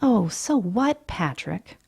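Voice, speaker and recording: A woman voicing a sharp, petulant young socialite with a breathy, sing-song delivery in an audiobook reading. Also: medium pitch, big pitch swings, takes it slowly, full character voice. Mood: snippy. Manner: snippy and dismissive.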